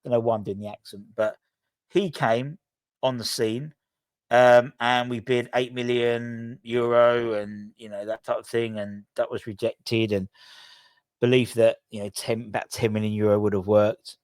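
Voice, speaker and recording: A man's voice: mid-range voice, fairly even intonation, unhurried, darkish tone, no echo. Man, fan channel host, casual rambling delivery, frequent restarts, dry close recording. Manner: rambling, self-correcting, thinking aloud. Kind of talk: casual news vlog.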